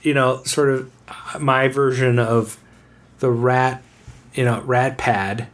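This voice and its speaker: A man co-hosting a casual podcast, talking in an excitable, bouncy way and laughing easily. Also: mid-range voice, slow pace. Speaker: podcast co-host. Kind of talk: casual chat.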